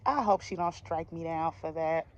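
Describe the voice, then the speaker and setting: A woman's voice: sits low, moderate pace, darkish tone. A young woman from the DMV area telling a personal storytime to her viewers in a chatty, slangy way with laughing asides. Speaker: vlogger. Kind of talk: casual storytime.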